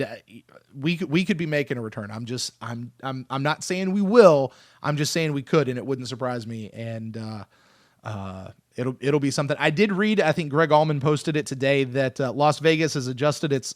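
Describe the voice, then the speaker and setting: A man in his thirties hosting a casual sports podcast, excitable and animated, often restarting his sentences. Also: medium pitch, normal speed, no echo, clean studio sound. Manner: excitable, animated, self-interrupting. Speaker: podcast host.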